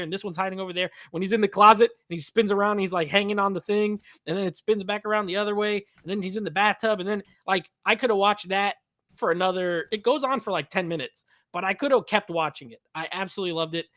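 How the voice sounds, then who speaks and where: A man's voice: high voice, fairly even intonation, quick pace, a bit bright, dry recording, studio quality. A man co-hosting a casual movie review chat, talking with enthusiasm and rambling with many fillers. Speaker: podcast co-host.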